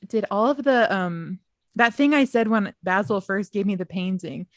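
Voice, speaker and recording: A woman's voice: medium pitch, normal speed, dry recording, studio quality. A woman co-hosting a book podcast, retelling scenes in quoted voices and laughing often. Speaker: podcast co-host. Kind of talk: casual book discussion. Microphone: remote recording.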